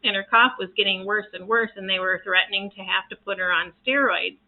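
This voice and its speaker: A woman's voice: medium pitch, fairly even intonation, fairly quick. A woman who practises reiki talks casually to camera in an earnest, rambling way, restarting her sentences often. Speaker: reiki practitioner sharing home remedies. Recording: tinny phone-like sound.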